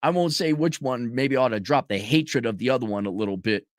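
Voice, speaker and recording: A man's voice: mid-range voice, fairly quick, dry recording, studio quality. A man hosting a commentary stream, ranting in a profane, sarcastic way and mocking people in put-on voices. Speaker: commentary show host. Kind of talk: livestream rant commentary.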